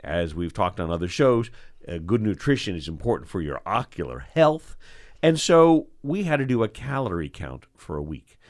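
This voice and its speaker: An older man from New York who hosts a show as an eye doctor, telling lively stories in casual chat and acting out the voices of the people in them. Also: low voice. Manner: animated storyteller, acts out voices. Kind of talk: storytelling chat.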